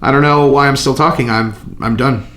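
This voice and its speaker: A man hosting his own channel, riffing casually and profanely on fight news in a rambling, excitable way. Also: medium pitch, moderate pace, echoey room. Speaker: channel host. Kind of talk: casual fight commentary vlog.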